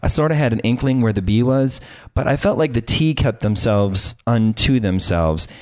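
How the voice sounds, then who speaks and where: A man's voice: medium pitch, normal speed, a little mellow, no echo, studio quality. A man from Chicago hosting a casual interview, chatty and campy, asking his guests questions. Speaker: host.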